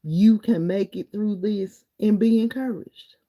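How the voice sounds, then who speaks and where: A woman's voice: medium pitch, measured pace. A middle-aged woman, hosting a live stream, chatting loosely with viewers and reading their comments in an encouraging way. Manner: chatty, warm and encouraging, wanders between topics.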